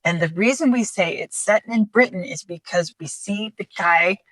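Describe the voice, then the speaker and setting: A woman's voice: mid-range voice, normal speed, fairly bright tone, dry recording. A woman co-hosting a casual commentary podcast, chatty with rambling asides and frequent giggles. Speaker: podcast co-host.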